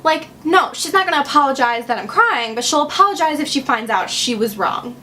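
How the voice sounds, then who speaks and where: Young woman vlogger from Wisconsin, slightly high voice, chatty and sarcastic storyteller. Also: expressive, brisk, sharp tone, slight background noise. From Wisconsin, USA. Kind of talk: storytime vlog.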